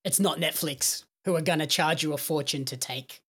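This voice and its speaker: A man speaking as a guest on a podcast, chatting in a measured, agreeable way. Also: fairly high pitch, fairly bright tone, breathy edge. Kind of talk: casual podcast chat.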